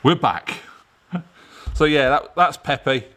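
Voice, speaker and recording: A man's voice: a little high, lively intonation, slow pace, fairly bright tone. A man hosting a casual live stream from his home garage, rambling and laughing as he talks. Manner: rambling, chatty, laughs often. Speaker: garage channel host.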